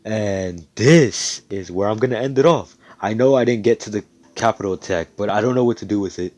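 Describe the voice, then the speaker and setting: A man's voice: on the low side, brisk, darkish tone. A young man casually telling a fan-made story, rambling and swearing as he goes. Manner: rambling, profane, loose.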